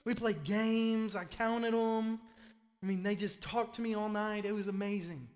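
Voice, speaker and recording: A man preacher voicing a stubborn, weary ancient king, speaking in a slow, dreamy, mock-content way in a reverberant church. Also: high-pitched, fairly even intonation, a little mellow.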